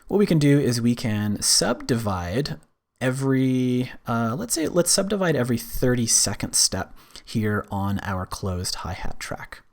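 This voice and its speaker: A man with a medium-pitched voice presents a screen-recorded tutorial on music software, unhurried as he explains each step. His relaxed delivery is sprinkled with lots of fillers.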